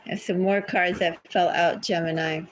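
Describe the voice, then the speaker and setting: A woman's voice: lowish voice, steady tone, normal speed, slight background noise, poor audio. A woman giving a casual tarot reading at home, chatty and easily sidetracked. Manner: chatty, easily sidetracked, talks to her cats. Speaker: tarot reader. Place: home with cats.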